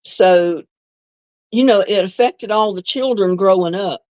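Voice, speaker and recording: A woman's voice: mid-range voice, measured pace, a little mellow, dry recording. Older southern lady chatting on her livestream, bit of northern in the accent, laughs a lot, kinda muffled lo-fi sound. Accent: Southern US with some Northern. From North Carolina. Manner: chatty, reminiscing, laughs often. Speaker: livestream host. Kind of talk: casual chat reading viewer comments.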